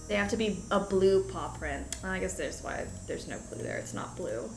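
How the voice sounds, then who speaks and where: A woman's voice: mid-range voice, animated, moderate pace. A woman casually chatting and giggling while she plays a detective game. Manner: chatty, giggly, reacting aloud. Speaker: streamer playing a detective game. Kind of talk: casual gameplay commentary. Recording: echoey room with game music. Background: game music.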